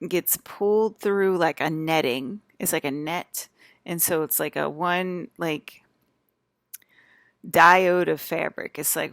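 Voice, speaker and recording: A woman with a low, gravelly voice and a lilt talks in a loose, wandering vlog monologue. She often trips over her own sentences and starts them over. The sound is close and dry. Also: dry recording. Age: adult with children. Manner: chatty, wandering, restarts mid-sentence. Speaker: vlogger. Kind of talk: rambling casual monologue. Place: hotel room.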